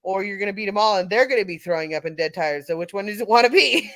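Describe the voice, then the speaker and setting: A woman's voice: medium pitch, fast, no room sound. A middle-aged woman from California, telling a casual story on a live audio panel, laughing often and restarting her sentences. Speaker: panel speaker.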